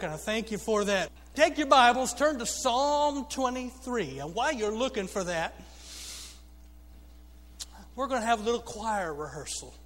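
A middle-aged man preaches with exuberant energy and leads his congregation in call-and-response. His voice sits very high and sounds bright and forceful. A long reverb fills the church hall around him. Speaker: guest preacher. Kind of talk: lively sermon. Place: church sanctuary.

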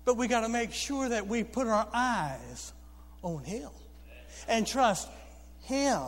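A pastor preaching a sermon, telling funny stories and calling out to the congregation. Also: male voice, very high-pitched, lively intonation, slow, a bit bright. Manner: storytelling preacher, humorous asides to the congregation. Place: church sanctuary. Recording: long reverb of a church hall.

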